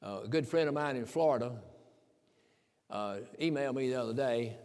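A man's voice: medium pitch, moderate pace, a little mellow, big-room sound. A man from the American South with a Southern accent, preaching a sermon with folksy asides and emphatic repetition. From Southern United States.

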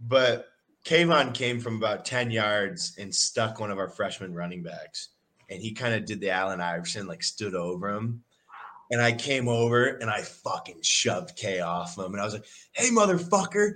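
A young man, a college football player, telling animated, profane stories with lots of fillers in a casual interview. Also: on the low side, moderate pace. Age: young adult. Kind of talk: casual storytelling.

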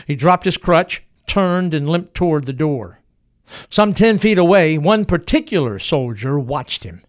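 A man giving scripted documentary narration, telling a historical event in a dramatic, measured way. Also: on the high side, animated.

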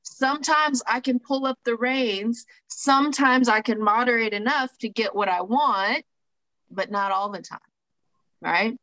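Bright-voiced woman telling her story. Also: on the high side, a little slow, lo-fi sound. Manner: conversational, frequent "right?" tags and fillers. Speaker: speaker sharing a recovery story. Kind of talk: candid personal talk with book reading.

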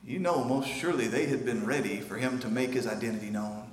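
A man preaching a sermon as pastor, shifting between hushed, quiet passages and loud, impassioned ones. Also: mid-range voice, a little fast, a little hiss or hum. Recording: echoey hall, long reverb.

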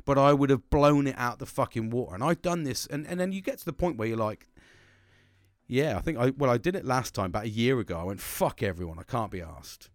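A man talking candidly to camera in a halting, profane monologue with many restarts. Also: medium pitch, animated, no echo, studio quality. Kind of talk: casual confessional monologue.

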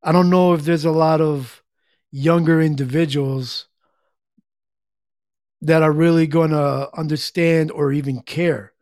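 A man's voice: fairly high pitch, steady tone, a little slow, long pauses, darkish tone, no room sound, clean studio sound. A middle-aged man hosting a casual livestream, rambling in an easygoing way and reading viewers' comments aloud. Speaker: livestream host.

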